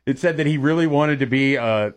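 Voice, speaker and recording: A man's voice: medium pitch, a little fast. A man co-hosting a radio show, asking questions and teasing the others in casual studio chat.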